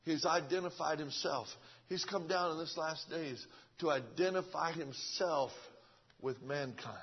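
A fervent preacher, repeating himself as he swings between shouting and hushed speech. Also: fairly high pitch, a little slow, breathy edge, lo-fi sound. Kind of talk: revival sermon.

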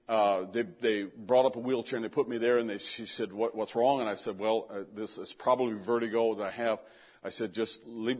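A man's voice: fairly low pitch, breathy edge, highs cut off. An older man telling a personal story in a casual, rambling way, often repeating words as he goes.

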